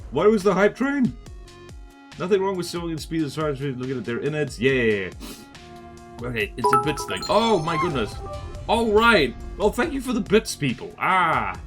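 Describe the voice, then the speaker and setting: Excitable male game streamer, lively swooping voice, bright tone, rambling chat, faint music behind. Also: fairly high pitch. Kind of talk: casual live-stream chat.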